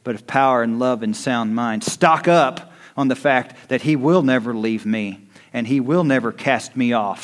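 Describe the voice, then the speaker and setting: A pastor delivers his sermon in a mid-range male voice. He drops to quiet, hushed lines, then rises into loud, rising exhortation. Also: medium pitch, normal speed.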